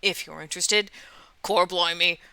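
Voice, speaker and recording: A woman's voice: on the low side, steady tone, moderate pace, vocal fry, bright, forceful tone, clean tone, dry recording. A woman voicing a blustery male henchman who puts on an exaggerated fake Cockney accent.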